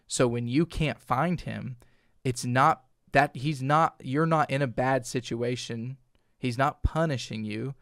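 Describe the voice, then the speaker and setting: A man's voice: medium pitch, gravelly, fairly bright tone, no room sound. A man with an ordinary mid-range voice reads scripture and talks it through in an earnest, teaching manner. The recording is dry and close. It sounds like a casual devotional chat. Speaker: co-host of a lunchtime devotional show.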